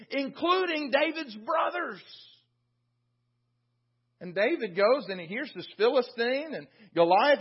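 Pastor guy preaching, high husky voice, tells bible stories earnestly, muffled church recording. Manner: earnest storytelling preaching, retells scripture with acted quotes. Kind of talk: sermon. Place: church sanctuary.

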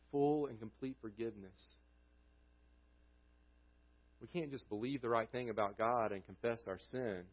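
A man preaching a sermon as pastor, earnest, his voice dropping low and quiet at the ends of phrases. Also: muffled recording.

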